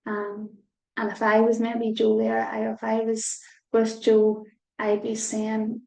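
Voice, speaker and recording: A woman reading a storybook aloud to children as a mindset teacher. She talks gently and pauses often to explain and reflect. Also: a little high, completely flat delivery, vocal fry. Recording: roomy echo.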